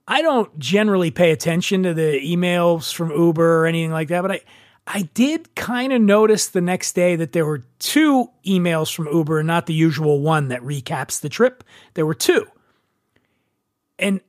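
A man casually telling a story as a podcast host, animated and acting out the dialogue. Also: no room sound, studio quality. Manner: animated, acts out dialogue with shifting pitch. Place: brewery.

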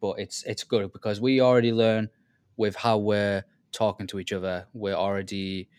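A man co-hosting a casual faith-based podcast, speaking in a relaxed way that trails off with ums and repeated words. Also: fairly low pitch, moderate pace, clean tone, no echo. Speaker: podcast co-host.

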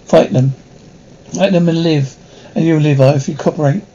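Coaxing military psychologist, fairly high voice, gravelly, 1960s TV drama, lo-fi. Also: male voice, fairly even intonation, moderate pace, dark tone. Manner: persuasive, coaxing. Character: smooth, condescending male army psychologist. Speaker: army psychologist. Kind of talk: 1960s television drama acting. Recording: dull lo-fi 1960s TV soundtrack.

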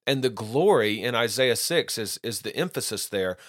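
A man's voice: medium pitch, expressive, normal speed, fairly bright tone, no room sound, clean studio sound. A man giving unscripted Bible teaching, earnest and often restarting his phrases.

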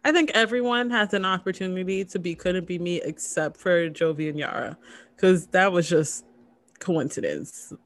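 A woman co-hosting a podcast in casual chat, relaxed and agreeable with dry jokes. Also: lowish voice, normal speed. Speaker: podcast co-host.

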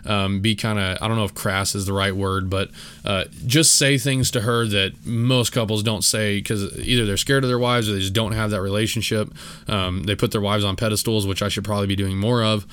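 A man's voice: on the low side, fairly even intonation, brisk, fairly bright tone, smooth. A young man talking casually on his solo podcast, rambling with many fillers and restarts, and poking fun at himself. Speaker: podcast host.

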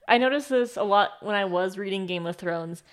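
A woman's voice: mid-range voice, brisk. A young adult woman co-hosting a book club podcast, chatting casually with a giggly manner and lots of "like" fillers. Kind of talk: casual chat.

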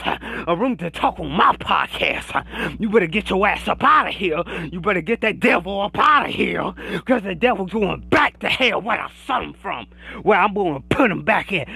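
High, gravelly man ranting like a preacher. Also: bright, forceful tone, no room sound. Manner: preachy, laughs between phrases, profane. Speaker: podcaster. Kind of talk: ranting mock sermon to camera.

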